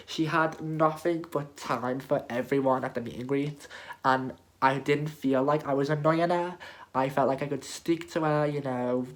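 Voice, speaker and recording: A young man with a Scouse accent recounts a night out straight to camera in a casual vlog. His voice sits at an easy middle pitch, and he talks in a loose, chatty way with lots of fillers and asides. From England, Liverpool. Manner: chatty, animated, full of fillers. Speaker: vlogger. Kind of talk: casual storytelling rant to camera.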